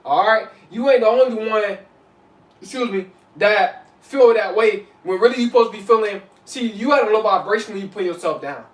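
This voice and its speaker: Fairly quick and high-pitched, this man vlogs casually to camera with loose, repetitive motivational preaching, often asking "you know what I'm saying." He's off-mic and far away in an echoey room.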